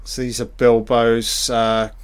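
A man talks over a film as it plays, reacting with excitement and cursing freely. His delivery is slow and drawn out, with an ordinary mid-range pitch. He sounds like a fan chatting casually rather than a polished presenter. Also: clean tone. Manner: excitable, heavy swearing, reacts aloud to the screen. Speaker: film commentator.

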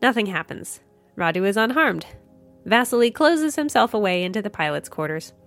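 A woman narrating a science fiction story in a steady, measured reading. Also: medium pitch. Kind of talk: audiobook narration. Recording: faint music behind. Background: faint music.

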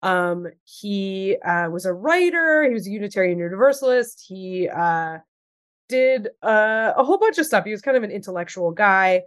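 A woman's voice: medium pitch, lively intonation, normal speed, smooth. A woman in her thirties hosting a podcast in casual chat, chatty and full of fillers, swearing now and then. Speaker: podcast host and storyteller.

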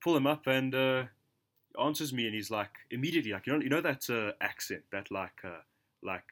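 A young man from South Africa, co-hosting a podcast and telling a story in a relaxed, slangy way, laughing between lines. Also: mid-range voice, brisk. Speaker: podcast co-host. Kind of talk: casual storytelling chat.

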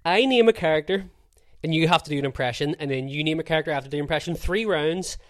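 Teasing, higher-voiced man co-host. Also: a bit bright, dry recording, clean studio sound. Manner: teasing and quick to laugh. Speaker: podcast co-host. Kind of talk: casual chat.

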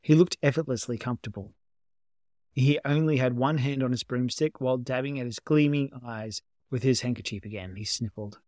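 Calm male storyteller, dry close mic. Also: medium pitch, fairly quick, dry recording. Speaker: amateur reader. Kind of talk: audiobook narration of fan fiction.

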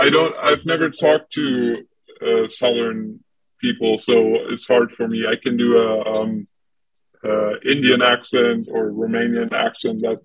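A man chatting in English as a guest, slow and halting, with lots of "uh" and restarted sentences. His voice is low-pitched and a little husky, held on a flat, even line. The recording is dry and slightly muffled. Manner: hesitant, many fillers and restarts. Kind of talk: casual conversation.

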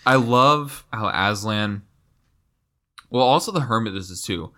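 A man discussing a book in casual conversation, animated and quick to slip into playful character voices. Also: fairly low pitch. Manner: animated, slips into mock voices and dramatic readings.

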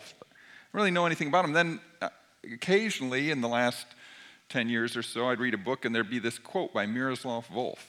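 A man, a pastor giving a sermon in a relaxed, conversational storytelling way. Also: fast talker. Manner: conversational storytelling, varied pitch.

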